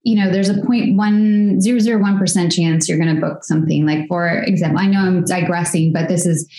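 A woman in her thirties talks through her experience in a relaxed interview. She is reflective and chatty, with plenty of fillers as she thinks aloud. Her voice sits low, and the room around her gives it a noticeable echo. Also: fairly quick. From United States. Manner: reflective, talkative, many fillers. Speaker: actress and guest. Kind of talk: casual interview conversation. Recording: echoey room.

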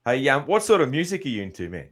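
A man hosting a podcast, chatting with his guest in an easygoing, halting way. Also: mid-range voice, very animated. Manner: easygoing, friendly, halting with fillers. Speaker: podcast host. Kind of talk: casual interview chat.

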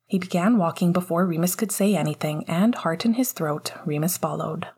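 A woman narrating a novel chapter in a soft, half-whispered reading. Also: fairly low pitch, moderate pace, breathy edge. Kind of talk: audiobook reading of fiction.

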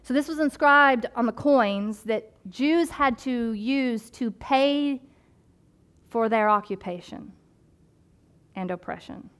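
A woman pastor giving a sermon in a conversational, animated way, with casual asides and playful voices for the people she describes. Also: on the high side, slow, clean tone.

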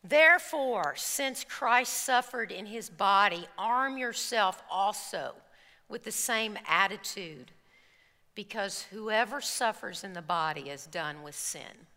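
A woman preacher telling an animated personal story in a sermon, acting out the scenes before turning to scripture. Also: mid-range voice, slow pace. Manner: animated storytelling, acts out screams and quotes. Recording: reverberant hall.

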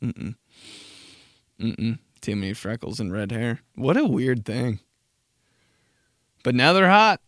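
A young man hosting a casual solo podcast, swearing a lot and ranting in an animated, crude way. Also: mid-range voice, slow pace, long pauses, dry recording, clean studio sound. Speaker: podcast host.

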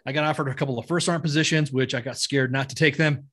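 A man's voice: medium pitch, steady tone, fast, fairly bright tone. Blunt, profane middle-aged male veteran. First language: not English. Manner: blunt, profane, rambling with many restarts. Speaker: guest, army veteran. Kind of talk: casual storytelling.

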